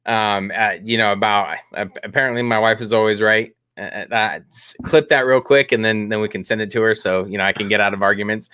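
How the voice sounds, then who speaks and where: A man's voice: on the low side, fairly even intonation, brisk, few pauses, bright, forceful tone, smooth, no echo. A middle-aged man co-hosting a podcast, telling a rambling, self-mocking story and laughing often. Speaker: podcast co-host. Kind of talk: casual storytelling.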